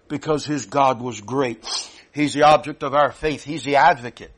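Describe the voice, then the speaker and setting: A man preaching a sermon, emphatic, rising loud and dropping soft, repeating himself often. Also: mid-range voice, measured pace.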